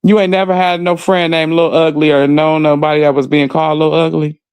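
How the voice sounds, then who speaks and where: Blunt, gravelly gossiping man. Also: on the high side, level tone, fast, a little mellow, no echo. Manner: blunt, joking, street slang; reads viewer comments aloud. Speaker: podcast co-host. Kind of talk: casual gossip commentary.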